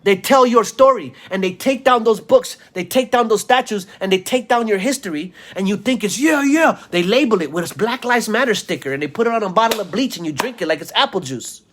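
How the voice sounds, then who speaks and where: A man's voice: sits high, expressive, brisk, hardly any pauses, a bit bright. A man delivering an angry political rant to camera, scornful and insulting his listeners. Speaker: political commentator. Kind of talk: ranting vlog monologue.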